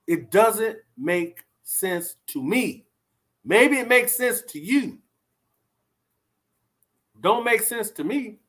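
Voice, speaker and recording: Streamer, male, high-pitched and expressive, slow deliberate delivery, blunt opinionated talk to chat. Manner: blunt, animated, addresses viewers directly. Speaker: vlogger reacting to live chat. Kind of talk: casual commentary on a live stream.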